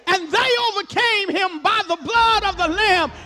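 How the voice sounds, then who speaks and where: A man's voice: very high voice, normal speed. A man preaching a sermon, emphatic and rhythmic, repeating phrases and calling on the congregation to answer back. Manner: emphatic call-and-response preaching.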